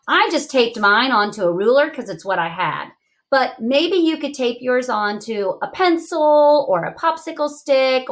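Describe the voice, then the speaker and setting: In a read-aloud lesson, a woman teaches young children, posing questions in an expressive and encouraging manner. Her voice sits on the high side.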